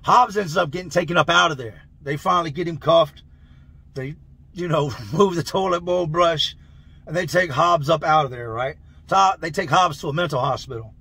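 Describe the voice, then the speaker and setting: A man telling a long story in a loose, slangy, animated way. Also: fairly high pitch, normal speed, breathy edge. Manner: loose, slangy, animated, laughs through the tale. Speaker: channel host telling prison stories. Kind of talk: casual storytelling.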